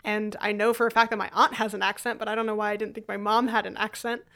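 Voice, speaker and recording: A young woman hosting a podcast, chatty, playful and animated in casual conversation. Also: medium pitch, fast talker. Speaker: podcast host. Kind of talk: casual chat.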